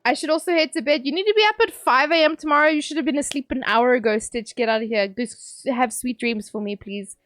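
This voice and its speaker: A woman's voice: high-pitched, fast talker, hardly any pauses, fairly bright tone, no echo, clean studio sound. A woman streamer from England chatting casually with her stream chat, teasing and joking as she reads messages aloud.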